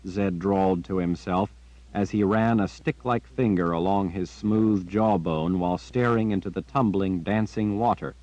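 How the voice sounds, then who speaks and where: A man narrating an audiobook in a steady, measured storytelling manner. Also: deep voice, dry recording. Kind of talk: scripted narration. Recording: dry, dull lo-fi.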